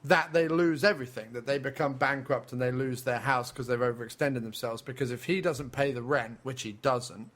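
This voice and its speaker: A man's voice: medium pitch, fairly even intonation, fairly quick, few pauses, a bit bright. A man co-hosting a film podcast in casual chat, bluntly and scornfully tearing into a movie.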